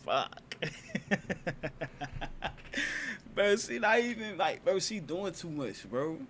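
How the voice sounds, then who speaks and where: A man's voice: high voice, animated, extremely slow, fairly bright tone, slight background noise. A man reacting to a crime video in casual streamer commentary. He talks bluntly and sounds incredulous, swearing freely.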